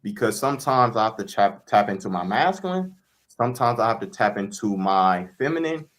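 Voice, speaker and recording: A man, a spiritual reader, answering interview questions in a calm, declarative teaching manner. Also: lowish voice, a little fast.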